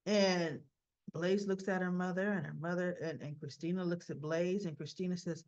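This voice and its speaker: A woman's voice: on the low side, fairly even intonation, normal speed, darkish tone, muffled recording. A woman casually recapping a soap opera episode, acting out the characters' lines with chatty asides to her viewers. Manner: chatty, retells scenes by voicing the characters' lines.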